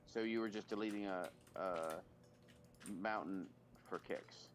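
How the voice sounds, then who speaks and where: A man's voice: low voice, a little slow, slight background noise. A man in casual gameplay chat with friends, speaking with dry, matter-of-fact humor. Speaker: game streamer.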